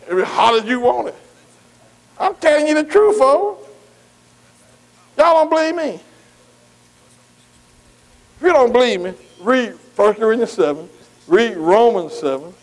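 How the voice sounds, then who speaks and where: A man preaches a sermon in a high-pitched voice. His talk is colloquial and folksy. He keeps checking that the congregation agrees with him. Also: animated, a little slow, long pauses, low-quality recording. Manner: call-and-response, repeatedly asking the congregation for agreement; folksy, colloquial Southern US grammar.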